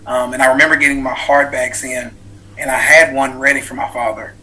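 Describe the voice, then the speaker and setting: A man's voice: mid-range voice, little pitch movement, a little fast, sharp tone, low-quality recording. A man in his thirties, a guest author, telling a personal story in an interview, earnest and reflective, with many fillers and restarts. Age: 30s.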